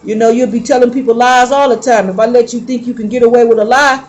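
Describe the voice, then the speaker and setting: A woman's voice: fairly high pitch, steady tone, fast talker, highs cut off. A woman tarot reader talking bluntly and emphatically in a casual, heavily profane monologue.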